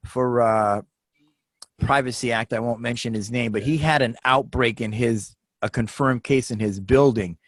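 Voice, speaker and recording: A man's voice: medium pitch, moderate pace, dry recording. A man chatting as a guest on a video call, telling a rambling story with restarts. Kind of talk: casual chat.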